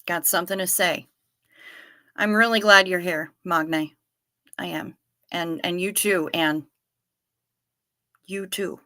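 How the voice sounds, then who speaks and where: A woman's voice: lowish voice, fairly even intonation, takes it slowly, long pauses, pushed and bright. A woman hosting a casual livestream, reading viewers' comments aloud and chatting back to them in a friendly, apologetic way. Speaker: livestream host reading chat.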